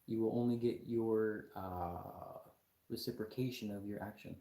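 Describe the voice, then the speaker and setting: A man's voice: lowish voice, steady tone, unhurried, mellow. Lecturing man in an echoey room. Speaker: livestream host. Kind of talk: live stream talk to chat viewers.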